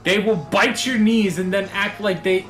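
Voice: medium pitch, steady tone, normal speed, fairly bright tone, faint music behind. A friend playing a game in co-op, chatting casually and joking, crying out when hit. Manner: jokey, yelps at hits. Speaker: co-op gaming partner. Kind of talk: casual gameplay chat.

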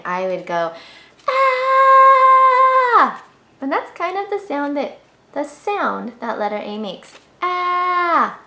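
A woman teaching a children's reading lesson, sounding out letters in a sing-song, encouraging way. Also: medium pitch. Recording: echoey room with faint hiss.

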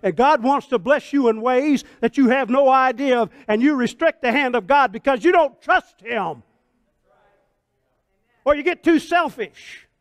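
Fervent high-voiced pastor in his 60s. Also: unhurried, no echo. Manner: folksy, fervent preaching that swings from hushed to shouted. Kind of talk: sermon.

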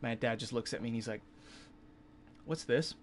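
A young man in his twenties, a streamer casually telling a story to his chat, animated and swearing freely, with loud incredulous outbursts. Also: mid-range voice, very fast. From California. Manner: swears freely, filler-heavy.

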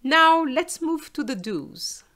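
Woman teaching sounds, takes it real slow, says each word twice. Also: high voice, very animated, pushed and bright. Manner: slow, careful, repeats words for learners. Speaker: French teacher. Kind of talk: pronunciation lesson.

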